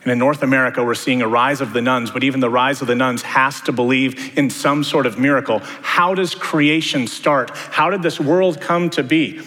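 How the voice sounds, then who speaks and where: A man's voice: medium pitch, steady tone, normal speed, few pauses, a bit bright. A man preaching a sermon, talking to the congregation in a conversational way with many rhetorical questions. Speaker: pastor. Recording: long hall reverb.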